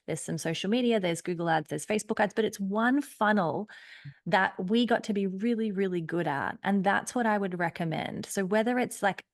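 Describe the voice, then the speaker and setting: An Australian woman in her thirties talks as a podcast guest, upbeat and emphatic. Her voice sits at an ordinary middle pitch for a woman, and she laughs easily between points. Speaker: podcast guest, business strategist. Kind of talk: conversational interview.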